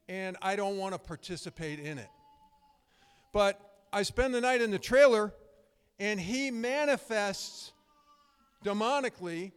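A man's voice: sits high, a little slow, clean tone. A middle-aged man preaching a sermon, conversational and emphatic, telling stories with frequent restarts. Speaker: pastor. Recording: long hall reverb.

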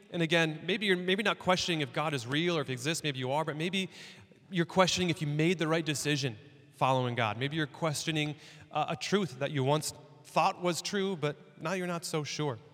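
A young man preaches with a bright, clear voice that sits a little high. He keeps it conversational, tossing questions to the listeners and acting out quoted doubts. His voice rings through a hall with a long echo. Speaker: pastor. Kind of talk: sermon.

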